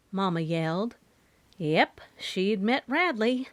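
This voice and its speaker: Woman, audiobook narrator, lively pitch, dry close sound, first-person storytelling. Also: moderate pace, dry recording.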